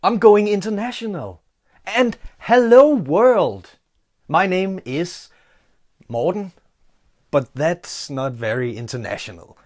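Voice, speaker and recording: A man's voice: high-pitched, big pitch swings, takes it slowly, a little mellow. Theatrical Danish man, mocking vlog. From Denmark. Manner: theatrical, sarcastic, taunting. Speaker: YouTuber and hypnotist.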